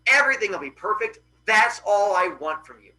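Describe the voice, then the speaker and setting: A man voicing a brash teenage demigod boy who shouts his demands in a loud, excited, bratty way. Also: high-pitched, a little fast, pitched above the performer's own voice, exaggerated voice, low-quality recording. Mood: eager.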